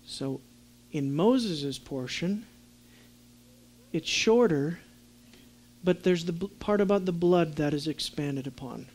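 Man, pastor, sermon, high-pitched voice, animated, soft asides and emphatic peaks. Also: slow pace, long pauses. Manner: animated, swinging between soft low asides and emphatic raised points; addresses congregation with questions. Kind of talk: sermon teaching.

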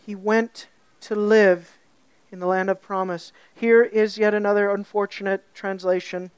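A woman delivers an animated sermon in a clean-toned, mid-range voice, captured in a dry recording. She asks her listeners questions and stretches out key words slowly for emphasis.

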